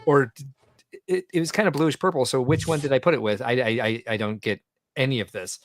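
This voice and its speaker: A man's voice: mid-range voice, brisk. A man co-hosting a casual podcast, rambling and reading out viewer comments. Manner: rambling, self-interrupting. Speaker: podcast co-host.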